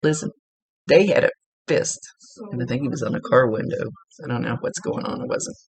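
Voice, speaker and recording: A woman working as a psychic medium, giving a one-on-one reading and talking in a halting way, often searching for her words. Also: rumbling low, creaky, a little mellow, breathy edge, no room sound, rough recording.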